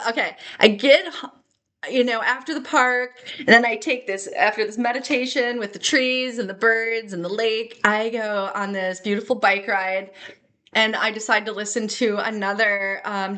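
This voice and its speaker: A young adult woman talking in an excitable, rambling way in a personal vlog, laughing and tearing up at times. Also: medium pitch, unhurried. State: tearful at times. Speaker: spiritual vlogger.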